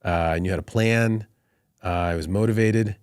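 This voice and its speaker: A middle-aged man with a slightly low voice tells military stories with animated energy, laughing as the punchlines land. He is recorded close on a dry, deadened podcast microphone. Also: moderate pace, clear, resonant tone, no room sound. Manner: animated storyteller, laughs through anecdotes. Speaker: Marine colonel guest. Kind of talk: storytelling in podcast conversation.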